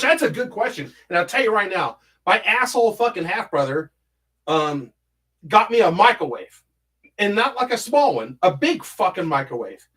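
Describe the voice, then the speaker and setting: A man's voice: sits high, sharp tone, husky. A man hosting a casual livestream from home, reading chat and rambling through stories, swearing a lot and humming filler syllables while he scrolls.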